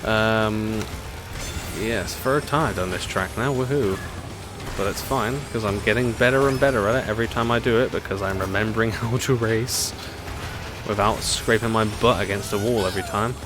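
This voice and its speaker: A man's voice: on the low side, moderate pace. Chatty man over game music. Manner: rambling, chatty, laughs often at his own jokes. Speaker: game streamer. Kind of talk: live gameplay chat.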